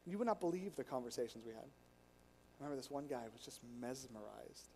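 A man preaching a storytelling sermon in an animated way, acting out the people he quotes. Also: medium pitch, fairly quick, gravelly, a little hiss or hum. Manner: animated, acts out quoted people, chuckles while telling. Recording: long hall reverb.

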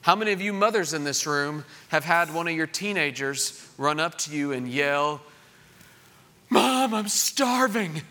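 A middle-aged man preaching a sermon in a lively way, acting out voices of children he quotes. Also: on the high side, moderate pace, few pauses. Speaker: pastor.

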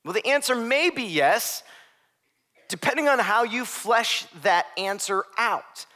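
A man's voice: very high voice, expressive, unhurried, sharp tone. A young adult man preaching a sermon as pastor, conversational with joking asides.

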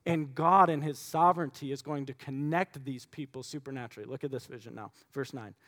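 A man preaching a sermon, reading scripture and retelling it with animated, acted-out storytelling. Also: mid-range voice, fairly quick. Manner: animated storytelling, acting out voices. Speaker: pastor.

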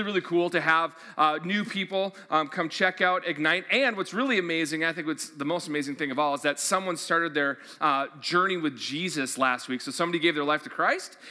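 A pastor with a high, bright voice delivers a sermon in a casual, energetic style, repeating his questions and relying on fillers. A long reverb from a large church hall colors the sound.

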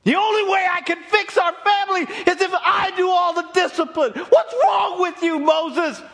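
A preacher voicing a biblical wife, pleading and shouting at her husband in a high, loud voice. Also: expressive, unhurried, full character voice. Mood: furious.

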